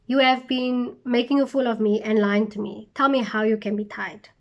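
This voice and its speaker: A woman's voice: on the high side, fairly even intonation, moderate pace, muffled recording, lightly acted. A woman putting on a scheming, accusing Delilah. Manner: accusing, insistent.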